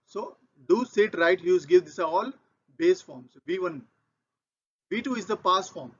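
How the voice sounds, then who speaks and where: A man's voice: high-pitched, animated, a little slow, breathy edge. A man with an Indian English accent teaching a grammar lesson, methodical and repeating each key point. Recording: dull lo-fi audio.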